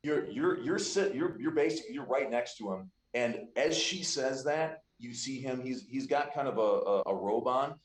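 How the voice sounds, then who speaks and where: A man's voice: mid-range voice, animated, moderate pace, few pauses. A man narrating a tabletop game as game master, loose and prone to repeating himself. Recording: roomy echo.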